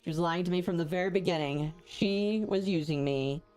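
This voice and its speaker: A woman's voice: lowish voice, brisk, darkish tone, faint music behind. Woman reading game lines with jokey asides. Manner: voices the characters' lines, then adds joking asides. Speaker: gaming streamer. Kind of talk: reading game dialogue aloud and reacting.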